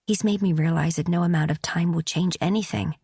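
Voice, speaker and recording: Woman doing restrained young wife, quiet, low husky voice, dry audiobook recording. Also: steady tone, brisk, no echo. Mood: sad restrained. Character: young American wife, hurt but composed.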